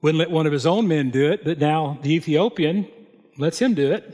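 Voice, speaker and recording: A man's voice: a little high, a little mellow. A man preaching a sermon, reading scripture and adding plain, folksy comments. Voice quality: unhurried, plain spoken storytelling with folksy asides. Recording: long hall reverb.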